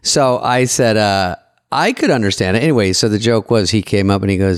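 A man's voice: fairly low pitch, brisk, clear, resonant tone. A man co-hosting a podcast, telling wry, self-deprecating stories in casual comedic chat. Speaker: podcast co-host.

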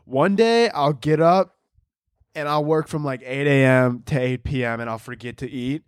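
A man's voice: mid-range voice, normal speed, clear, resonant tone, no echo, studio quality. A man hosting a podcast alone, rambling casually and mocking himself with plenty of swearing. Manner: rambling, profane, self-mocking. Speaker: podcast host. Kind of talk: casual solo chat.

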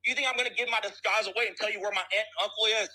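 A man's voice: sits high, fairly even intonation, very fast, bright, forceful tone, rough recording. A man calling in with a profane, aggressive rant, repeating threats and mocking taunts. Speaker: caller. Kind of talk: hostile phone rant.

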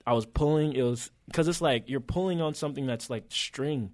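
A man's voice: mid-range voice, a little fast, darkish tone, no echo, clean studio sound. A man co-hosting a podcast, telling a story in casual chat with plenty of slang and swearing. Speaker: podcast co-host.

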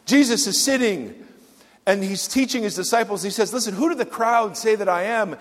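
High-voiced man preaching in a reverberant hall. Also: normal speed. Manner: dynamic, swings from loud emphasis to hushed quoted asides. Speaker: pastor. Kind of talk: sermon.

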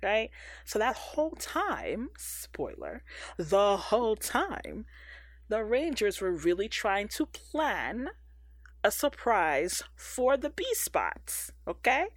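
A woman's voice: medium pitch, very animated, slow, no echo, clean studio sound. A woman co-hosting a casual chat, recapping an episode with slang and frequent laughs. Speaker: podcast co-host.

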